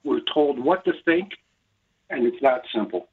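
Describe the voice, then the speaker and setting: A male radio caller with a husky voice, heard over a tinny, phone-like line. He drives his point home emphatically, repeating himself with indignation. His pitch sits in an ordinary middle range. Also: expressive, measured pace. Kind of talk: call-in opinion on phone.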